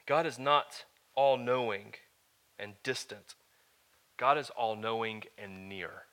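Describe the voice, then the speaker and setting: A middle-aged man preaching a sermon as pastor, telling a family story with animated rhetorical questions. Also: mid-range voice, takes it slowly.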